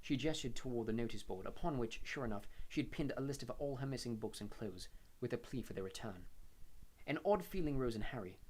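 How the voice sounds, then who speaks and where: A man reading a fantasy novel aloud as audiobook narrator, steady storytelling. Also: medium pitch, brisk, poor audio.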